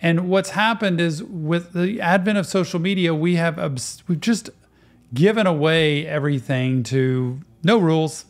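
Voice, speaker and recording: A man's voice: on the high side, measured pace. A man hosting a reaction video, talking earnestly and conversationally about a clip. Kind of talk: reaction commentary.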